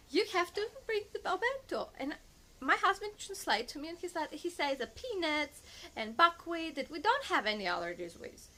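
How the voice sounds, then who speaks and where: A woman vlogger telling a story in halting non-native English, animated and indignant with lots of emphasis. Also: high voice. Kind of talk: casual storytelling to camera.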